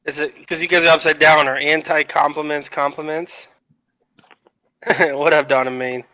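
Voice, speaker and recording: A man's voice: on the high side, little pitch movement, moderate pace, pushed and bright, low-quality recording. A man co-hosting a live-stream chat, reading viewer comments aloud and asking joking questions with frequent laughter.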